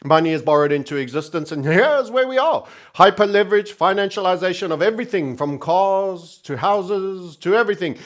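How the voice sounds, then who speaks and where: A man hosting energetic market commentary, theatrical and cheery yet sardonic and doom-laden. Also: high-pitched, fairly quick, few pauses. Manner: theatrical, energetic and cheery, self-styled entertainer.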